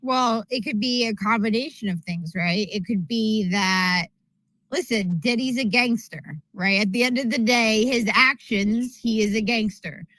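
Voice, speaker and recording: A woman co-host whose slightly high voice sits close and dry on the mic. She rants in rapid bursts, punctuating nearly every point with "right?". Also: a bit bright, no room sound, rough recording. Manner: rapid ranting, keeps asking "right?". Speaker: podcast co-host. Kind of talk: casual political talk.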